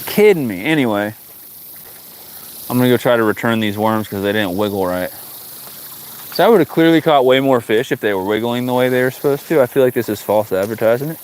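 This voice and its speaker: A man's voice: mid-range voice, animated, a little fast, darkish tone, a little hiss or hum. Guy fishing outside on a livestream, jokey and exasperated, talking to chat, crickets in the background. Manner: joking, talks to viewers, exasperated at the fish. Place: outdoors by the water.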